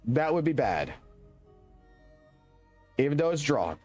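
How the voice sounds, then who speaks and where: This one moves at a slow pace, the man's voice a little high with soft music behind it. He's a young Louisiana streamer with a Southern US accent, ranting profanely in loose, rambling livestream commentary close to his desk mic.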